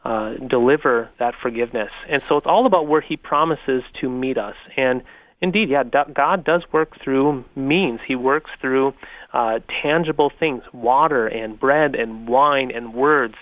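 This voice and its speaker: A man's voice: mid-range voice, measured pace, dry recording. A man, a pastor, earnestly explaining his faith on a radio talk show. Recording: tinny phone-like radio line.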